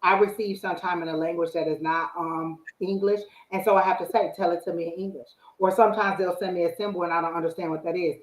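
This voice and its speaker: A woman with a low voice talks with a live stream audience in a casual, animated way and gives spiritual advice. She often acts out what she says to herself. Her voice rings in an echoey room. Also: fast, hardly any pauses. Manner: animated, acts out her own inner voice and quotes. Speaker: psychic reader, live stream host.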